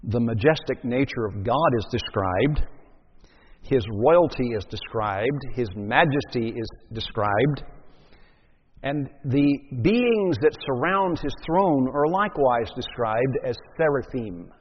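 A man's voice: mid-range voice, lively intonation, slow, breathy edge. A man preaching a sermon, teaching emphatically and posing rhetorical questions to his listeners. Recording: dull sound with long hall reverb.

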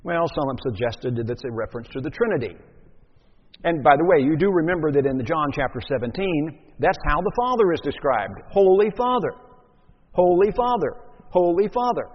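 Husky-voiced man preaching a sermon. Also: a little high, animated, a little fast. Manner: emphatic teaching with rhetorical questions. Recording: dull sound with long hall reverb.

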